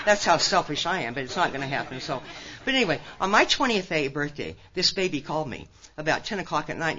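A woman's voice: sits low, sharp tone. An older woman from Nebraska gives a folksy personal testimony at a recovery conference, full of storytelling and punchy asides to the crowd. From Nebraska, USA. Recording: dull lo-fi recording.

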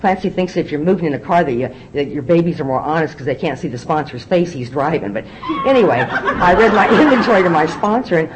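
At a recovery meeting, a middle-aged woman speaks from a podium, giving candid personal testimony in a low, expressive voice. She talks fast, often repeating words as she restarts, and the audio is very noisy.

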